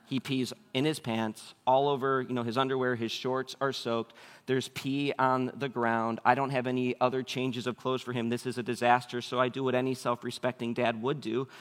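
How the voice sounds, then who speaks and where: A man in his thirties preaching a sermon as a pastor, telling stories with animated acted-out voices. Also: mid-range voice, normal speed, big-room sound. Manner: animated storytelling, acts out quoted voices.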